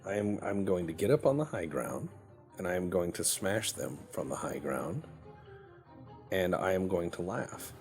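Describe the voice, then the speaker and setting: Deep-voiced rambling gamer commentating. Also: male voice, lively intonation, moderate pace, gravelly, a little mellow, soft background music. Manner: rambling, jokey, repeats words. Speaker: game commentator. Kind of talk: casual let's play commentary.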